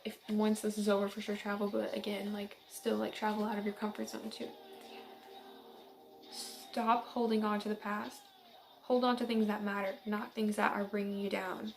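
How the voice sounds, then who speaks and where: A woman's voice: mid-range voice, level tone, moderate pace, vocal fry, soft background music. A young woman from central Illinois giving a casual, upbeat tarot reading, chatty and giggly. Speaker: tarot reader.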